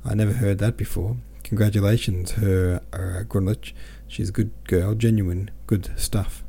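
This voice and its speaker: A plain-spoken old sea captain, as a man reads him, rough in the throat and blustering. The tone is dark and low-pitched. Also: fairly even intonation, a little slow, exaggerated voice. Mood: hearty. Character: blunt, gruff old sea-pilot captain father.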